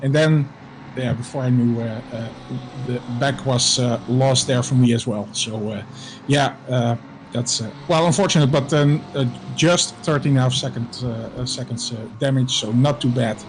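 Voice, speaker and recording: A man's voice: medium pitch, moderate pace, slight background noise, rough recording. A man, a sim racing driver chatting casually and hesitantly, with many fillers. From Netherlands. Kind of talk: casual chat.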